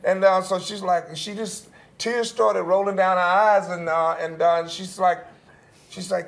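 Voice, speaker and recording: Gravelly man telling a candid story. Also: steady tone, unhurried. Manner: laughing, acts out quotes in a high voice. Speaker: panelist.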